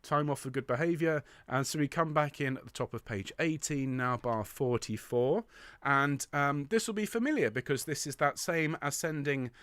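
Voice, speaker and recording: A man's voice: on the high side, normal speed, fairly bright tone, clean tone, no room sound. A man leading an online choir rehearsal, explaining bars, counting in, and singing the lines with encouragement. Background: piano.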